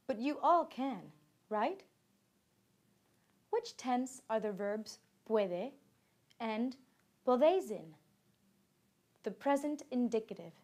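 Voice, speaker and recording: A woman narrates a language lesson in a slow, deliberate way, her voice sitting a little higher than most. She reads example sentences and their translations with careful, even pacing, like a recorded textbook course.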